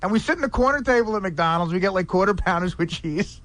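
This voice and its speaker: Storyteller guy, lively pitch, lots of restarts, talk radio regular. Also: fast. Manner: animated, laughing, stammering restarts. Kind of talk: comic storytelling.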